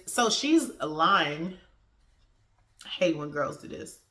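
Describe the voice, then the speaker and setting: A woman's voice: deep voice, slow pace. Chatty woman reviewing TV in a roomy space. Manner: animated, slangy, acts out the characters' lines. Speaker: TV episode reviewer. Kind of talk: casual review vlog.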